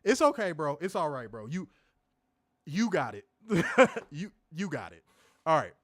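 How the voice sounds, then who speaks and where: Excitable young man, laughing, slangy. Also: a little high, measured pace, no echo, studio quality. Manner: excitable, laughs often, slangy, repeats phrases. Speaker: wrestling show reviewer. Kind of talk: casual live-stream commentary reading chat.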